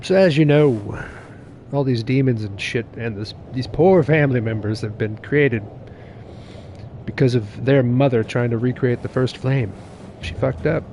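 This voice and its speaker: There's slight background noise as a young man with a mid-range voice streams a game at an unhurried pace. He's excitable and laughing, swearing casually and chatting with viewers despite a sore tooth.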